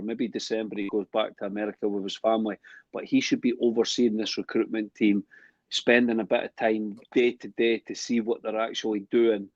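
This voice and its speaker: A man's voice: fairly low pitch, darkish tone, no room sound, highs cut off. A man talking heatedly about football on a podcast, ranting and frustrated. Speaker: podcast co-host. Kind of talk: casual football chat.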